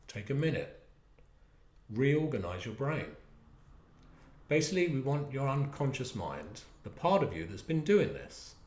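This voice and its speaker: A man coaches a de-stressing exercise in a lowish voice that rises and falls with lively swings. He coaxes and stretches out words as he directs. The room around him sounds echoey. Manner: animated, coaxing, drawn-out words. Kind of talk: guided exercise instruction.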